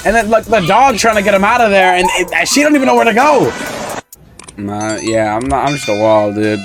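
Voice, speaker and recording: A man's voice: sits high, very animated, unhurried, long pauses, a bit bright, faint music behind. A man doing casual reaction commentary on funny videos, laughing often and repeating short exclamations.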